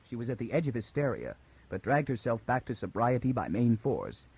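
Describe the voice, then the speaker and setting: A man reading an audiobook in measured, scripted narration. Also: medium pitch, big pitch swings, vocal fry, a little mellow, slightly rough, no room sound, rough recording.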